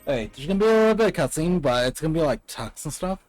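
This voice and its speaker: Man, casual game commentary, talks to chat, higher pitch, light music underneath. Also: big pitch swings, quick pace. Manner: chatty, explains to chat, reads cutscene lines aloud. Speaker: streamer.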